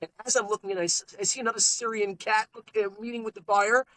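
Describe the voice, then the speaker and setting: A man, a podcast guest telling sales stories in a lively, animated way. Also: high voice, rough recording. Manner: animated salesman storytelling, quick asides. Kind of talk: casual storytelling interview. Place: podcast studio.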